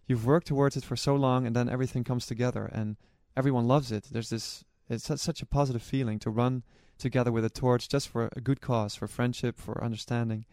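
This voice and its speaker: Man, mid-pitched, earnest and reflective runner sharing memories, self-correcting restarts, dry close recording. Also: dry recording. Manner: warm, earnest storytelling with frequent restarts. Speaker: charity relay runner and organizer. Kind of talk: personal recollection to camera.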